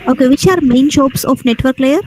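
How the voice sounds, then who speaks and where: A woman teacher, firing brisk, probing questions at students in an oral lab exam over a video call. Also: high voice, very noisy. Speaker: teacher conducting a lab viva.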